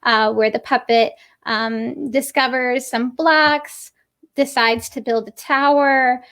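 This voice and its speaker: A woman puppeteer and puppetry teacher, explaining her craft as a podcast guest in an animated, demonstrative way. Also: fairly high pitch, takes it slowly.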